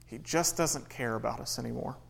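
A man's voice: mid-range voice, brisk, creaky, breathy edge, rough recording. A man preaching a sermon in an earnest way, rising and falling for emphasis and acting out quoted pleas. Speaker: pastor.

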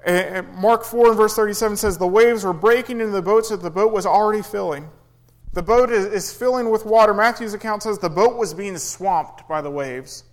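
A pastor with a high, fairly quick voice preaches a sermon earnestly, his voice rising and falling for emphasis as he acts out quoted pleas. The recording is rough.

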